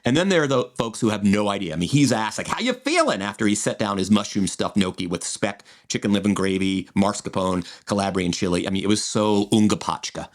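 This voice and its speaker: A man's voice: fairly low pitch, a little fast, few pauses. A man in his forties co-hosting a podcast, chatting in a digressive way with frequent restarts. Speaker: podcast co-host. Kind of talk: casual chat.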